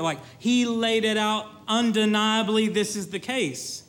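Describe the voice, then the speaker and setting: A man with a notably high voice preaching a sermon. He grows animated, quotes scripture in old-fashioned wording, and keeps checking in with his listeners. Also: measured pace, hardly any pauses. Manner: animated preaching, with rising excitement and repeated asides to the congregation; quotes scripture in older King James wording.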